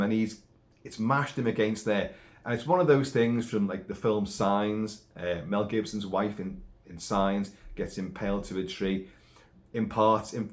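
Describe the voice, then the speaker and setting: A man at a middling pitch talks through a horror film's plot in a loose, rambling way. He restarts sentences, swears freely and gets animated at the shocking parts. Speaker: film reviewer. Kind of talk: casual film recap.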